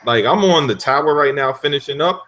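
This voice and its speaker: A man on a gaming podcast telling animated stories in casual talk, with frequent cursing and loud outbursts. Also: a little high, brisk. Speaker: podcast panelist.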